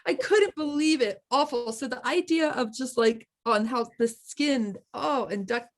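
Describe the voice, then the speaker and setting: A woman co-hosting a casual wellness chat, telling animated stories, laughing often and trailing off mid-sentence. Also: high-pitched, unhurried. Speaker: co-host of a wellness group chat.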